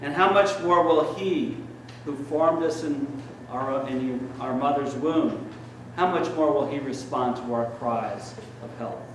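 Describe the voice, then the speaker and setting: A man's voice: medium pitch, a little slow, few pauses, slight background noise. Male priest preaching in an echoey church. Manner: conversational storytelling, frequent fillers. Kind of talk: sermon. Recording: echoey church room, mic at a distance.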